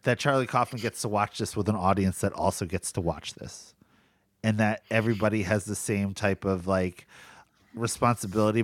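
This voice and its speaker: A man's voice: lowish voice, no echo, clean studio sound. A man co-hosting a film podcast, talking casually with an eager, teasing manner. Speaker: podcast co-host.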